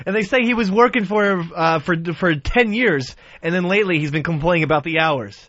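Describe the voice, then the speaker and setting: A man co-hosting a comic radio show, animated and teasing. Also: sits high, brisk, no room sound. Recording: dry, slightly dull broadcast audio.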